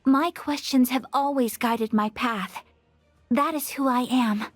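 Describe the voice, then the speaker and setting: A woman's voice: high-pitched, unhurried, dry recording, soft background music. An actress playing an earnest young female cookie guardian in a game, speaking with heartfelt conviction. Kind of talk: game voice acting.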